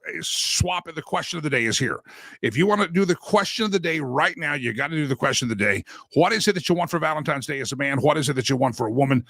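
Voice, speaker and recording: Gravelly guy hosting a live talk show, bright edgy voice, gets all worked up. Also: fairly high pitch, dry recording. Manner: fiery, gets worked up, ranting; folksy ad read for a sponsor.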